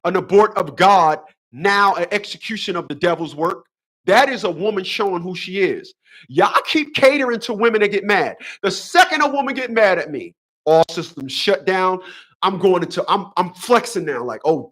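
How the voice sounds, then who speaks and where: A man's voice: high voice, fairly bright tone. Emphatic preachy man in his fifties. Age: 50s. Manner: emphatic and preachy, repeats phrases. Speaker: host. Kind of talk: casual livestream monologue.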